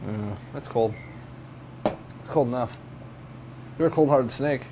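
A man's voice: medium pitch, slow, noisy background. A man co-hosting a casual radio show, joking around and swearing while he eats. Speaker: co-host. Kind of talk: casual chat.

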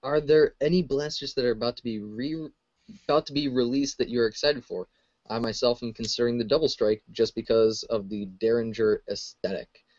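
A man co-hosting a podcast in casual chat, putting questions to his guests. His audio has a dull, low-fidelity sound. His pitch sits in a plain middle range. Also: steady tone, brisk, darkish tone, no room sound. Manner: asks questions, reads listener questions. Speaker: podcast co-host.

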